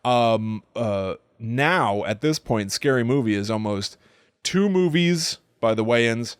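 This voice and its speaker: A man's voice: mid-range voice, lively intonation, takes it slowly, clear, resonant tone. A man co-hosts a podcast in casual, wry banter and walks through a film plot with dry humor. His voice sits in an ordinary middle register. The sound is close and dry, with no room echo. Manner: wry, chatty, recounting plot with dry jokes. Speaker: podcast co-host. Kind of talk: casual movie-review chat.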